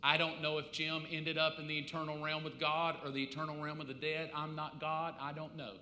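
A man preaching a sermon, shifting from quiet storytelling to loud, pleading acted voices. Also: fairly high pitch, monotone, fairly quick. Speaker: pastor. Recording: echoey hall.

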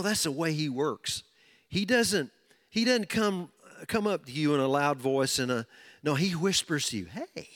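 A man's voice: a little high, a bit bright. A man preaching a sermon, emphatic and repeating key phrases as he builds intensity.

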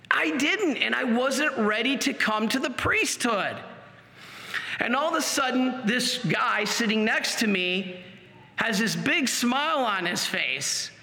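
Bright high-voiced man telling a dramatic story. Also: vocal fry. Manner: animated, dramatic storytelling with sudden pace shifts. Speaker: speaker giving a testimony. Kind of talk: personal testimony storytelling. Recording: long hall reverb.

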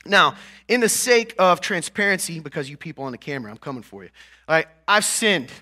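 Male pastor, sermon, high voice, bright tone, conversational, emphatic peaks. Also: animated, brisk. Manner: conversational, checks in with "right?" and "okay?"; builds to emphatic, louder peaks.

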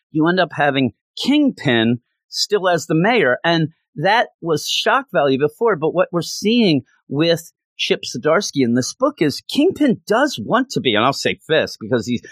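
A man's voice: a little high, a bit bright, no echo. A man reviewing a comic book in a casual, rambling, passionate way, with lots of fillers.

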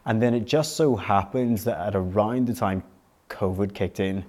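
A man's voice: lowish voice, a little mellow. A young man, a magician and podcast guest, chatting casually and poking fun at himself. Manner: self-deprecating, quick to laugh. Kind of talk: casual interview chat.

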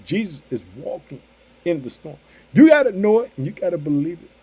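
A man preaching a sermon with emphatic, repetitive phrasing, swinging between loud outbursts and hushed asides. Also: high voice, sing-song, brisk, slightly rough.

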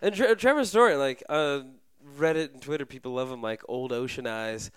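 A man's voice: mid-range voice, moderate pace, a bit bright, smooth, dry recording. A man co-hosting a casual sports podcast, talking animatedly with lots of "like" and wry remarks. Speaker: podcast co-host.

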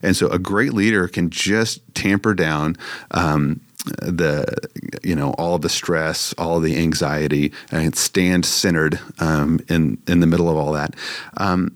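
A man's voice: low voice, steady tone, unhurried, no room sound, studio quality. A man, a church leader, talking casually about leadership with many fillers and restarts.

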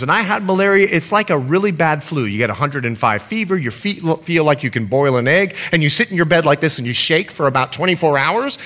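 A middle-aged man preaching a sermon as pastor, telling stories with acted-out quotes. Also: a little high. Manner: storytelling with lively acted quotes.

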